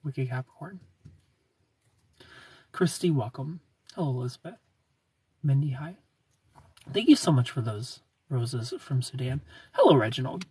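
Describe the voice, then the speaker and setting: A man hosting a casual livestream, greeting viewers by name and answering their comments in a relaxed, chatty way. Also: medium pitch, unhurried, pauses often, breathy edge, no echo, recorded from a distance. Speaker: livestream host.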